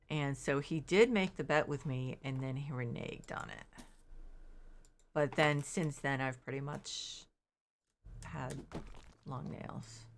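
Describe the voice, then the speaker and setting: Low-voiced chatty woman streamer. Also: takes it slowly, pauses often, a little hiss or hum. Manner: rambling, chatty, reads chat aloud; frequent fillers and restarts. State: yawning, recovering from illness. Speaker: game streamer. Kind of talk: casual chat while playing.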